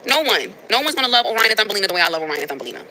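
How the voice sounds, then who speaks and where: A woman's voice: medium pitch, very animated, rapid-fire, pushed and bright, slight background noise, rough recording. A woman with a nasal voice talking casually to viewers on a livestream, emphatic and preachy, repeating herself for effect.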